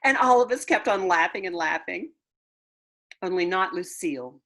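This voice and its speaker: A woman reading a children's book aloud with playful, expressive storytelling. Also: lowish voice, normal speed. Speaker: storybook reader.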